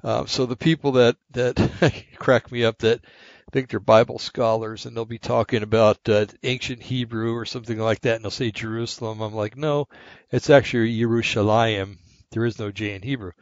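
A man's voice: mid-range voice, fairly even intonation, brisk, no room sound. A man hosting a rambling, casual monologue, short of breath and slightly shaky, with many fillers and asides. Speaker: podcast host. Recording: dull, lo-fi and dry.

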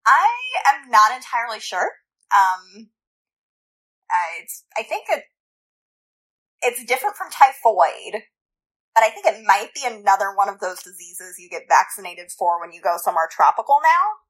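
A woman co-hosting a book podcast, measured and thoughtful in her points. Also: mid-range voice, big pitch swings, fairly bright tone, poor audio. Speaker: podcast co-host. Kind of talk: casual book discussion.

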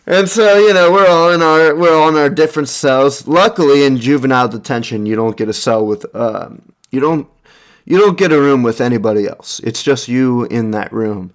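A man's voice: medium pitch, normal speed. A young man casually telling a rambling, profane personal story, with lots of restarts and chuckles. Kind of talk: casual anecdote monologue.

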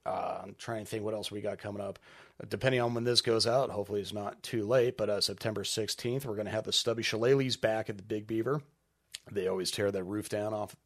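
A man who owns a brewery, talking casually as a podcast guest, relaxed and rambling with lots of filler ums. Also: on the low side. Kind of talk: casual interview chat.

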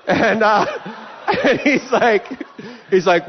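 A male comedian telling a profane, ranting story on a live podcast, building up to shouts. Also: sits high, sing-song, takes it slowly, pauses often, a little hiss or hum. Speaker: comedian guest. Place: live venue stage. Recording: dull live stage audio with long reverb.

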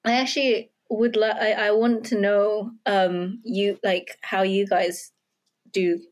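A young woman co-hosting a podcast, talking in an animated, curious way full of likes and restarts. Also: mid-range voice, takes it slowly. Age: young adult. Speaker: podcast co-host. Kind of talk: casual chat.

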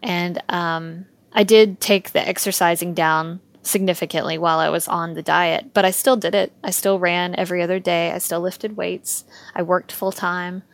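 A woman's voice: on the low side, fairly even intonation, moderate pace, vocal fry, hardly any pauses, no room sound. A woman speaking as a podcast guest in a casual interview, talking candidly with frequent ums and easy laughter.

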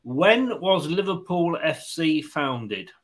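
A man's voice: fairly high pitch, animated, slow. Chatty man hosting a quiz. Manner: jokey, chatty, laughs often. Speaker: quiz host. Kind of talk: casual online quiz show.

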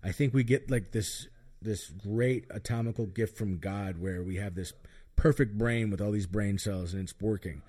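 A man's voice: lowish voice, normal speed, warm tone, husky. A middle-aged man telling candid, self-mocking stories in casual chat, rambling with lots of fillers. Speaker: podcast guest storyteller.

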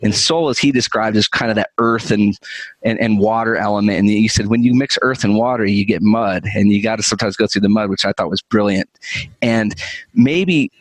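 A man's voice: fairly low pitch, fairly quick, dry recording, poor audio. A man hosting a podcast, talking in a reflective, conversational way about his practice. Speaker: podcast host.

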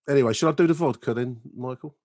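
A man's voice: mid-range voice, a little fast, a little mellow, no room sound. Man, podcast co-host, jokey, sarcastic, laughs a lot, dry recording. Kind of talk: casual chat reading mock adverts.

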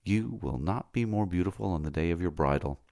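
A doting old nurse, a slave woman who grumbles and pleads with her mistress in a raised, fretful voice, put on by a man. Gravelly fry runs under the lifted pitch, and the sound is close and dry. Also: animated, brisk, dark tone, dry recording. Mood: proud.

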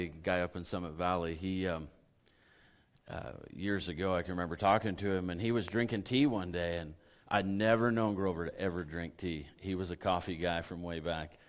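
A middle-aged male pastor with a worn, raspy voice, hoarse from overuse. He preaches in a low register, in an easygoing, chatty way with plenty of fillers. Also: fairly even intonation, a little fast. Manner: folksy, conversational preaching with many fillers. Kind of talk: sermon.

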